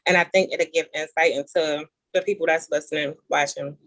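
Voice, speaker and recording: A woman hosting a casual talk show, animated and playful, reading definitions aloud and teasing her guests. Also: sits low, fairly quick, no room sound. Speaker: show host. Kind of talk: casual chat.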